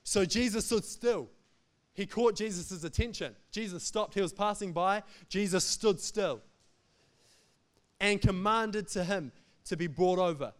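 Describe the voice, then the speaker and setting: A man's voice: high-pitched, unhurried. A man preaching a sermon as pastor, emphatic and repetitive, with jokes between points.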